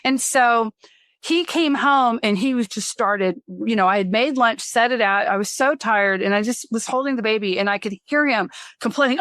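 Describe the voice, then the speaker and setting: A woman's voice: a little high, normal speed, fairly bright tone, no room sound, studio quality. A middle-aged woman hosting a podcast interview, telling stories in a rambling, chatty way and laughing as she talks. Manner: chatty, rambling storyteller who laughs mid-sentence. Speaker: podcast host. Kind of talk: casual interview chat.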